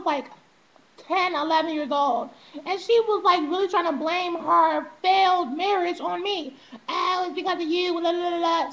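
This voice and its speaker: A young woman speaks straight to camera, recounting her own past in a loose, profane vlog style. Her voice sits very high and sounds bright and sharp. She laughs often and slips into animated impressions of the people in her story. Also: creaky, dull audio. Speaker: vlogger telling her life story.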